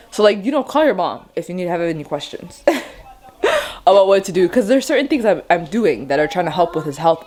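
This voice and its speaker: Woman, stay-at-home mom vlogger, lower pitch, weary, casual and blunt, talking straight to camera. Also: a little mellow, slight background noise. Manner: chatty, rambling, frank. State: tired. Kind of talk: casual vlog talk to camera.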